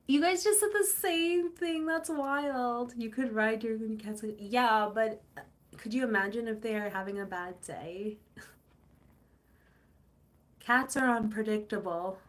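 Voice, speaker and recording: A young woman hosts a casual live stream, answering viewer comments and telling rambling stories with animated delivery and playful quoted voices. Her voice is on the high side, slow, with frequent pauses.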